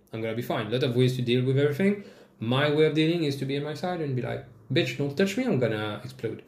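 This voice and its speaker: A man hosting a podcast alone, telling a personal story in casual, swearing talk with sudden jumps in pitch. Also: a little mellow. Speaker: podcast host. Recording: echoey room.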